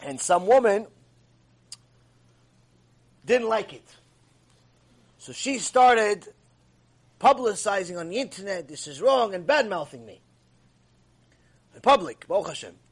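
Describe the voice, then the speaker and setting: A man giving an animated, emphatic ethics lecture as a Torah teacher. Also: sits high, takes it slowly, long pauses, slightly rough.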